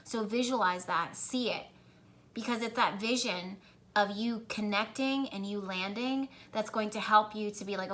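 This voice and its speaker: A woman's voice: mid-range voice, normal speed, a bit bright, a little hiss or hum. A woman giving a casual spiritual tarot reading, earnest and encouraging, rambling with restarts, recorded on a camera mic at home. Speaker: tarot reader.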